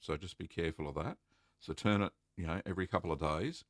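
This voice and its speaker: A man's voice: low-pitched, fast talker, no room sound, studio quality. A middle-aged Australian man hosting a casual live stream, chatting and answering viewer questions with lots of fillers. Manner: chatty and rambling, reading out names with many fillers.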